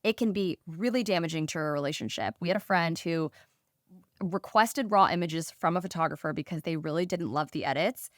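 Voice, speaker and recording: A woman's voice: lowish voice, a little fast, no room sound, clean studio sound. A woman co-hosting a podcast, giving casual advice and acting out conversations in quoted voices. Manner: animated, acts out quoted conversations. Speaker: podcast co-host.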